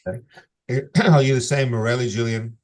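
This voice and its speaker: Man, judge, low voice, measured formal reading, video call audio. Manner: measured, reads plea warnings in a steady formal cadence. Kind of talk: formal court hearing.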